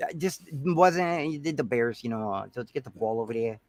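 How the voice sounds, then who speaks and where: A man from the Chicago area co-hosting a casual sports chat stream, excitable, laughing often and trailing off into mumbles. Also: medium pitch, fast, slight background noise. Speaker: co-host.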